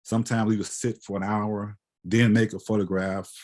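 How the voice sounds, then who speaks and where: A man's voice: fairly low pitch, little pitch movement, moderate pace, darkish tone. A man giving a reflective, conversational lecture as a guest photographer, often tagging his points with "right?". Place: lecture hall.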